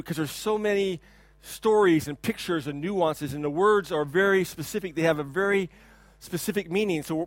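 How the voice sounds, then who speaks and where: A man's voice: sits high, no echo. A male pastor preaching a sermon, telling a story earnestly with frequent restarts. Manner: earnest storytelling, quiet and reflective at the end.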